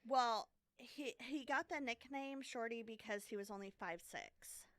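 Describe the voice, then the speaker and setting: A woman's voice: a little high, unhurried, fairly bright tone, dry recording. A woman co-hosting a podcast, casually telling a true crime story with lots of fillers and self-deprecating asides. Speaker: podcast co-host.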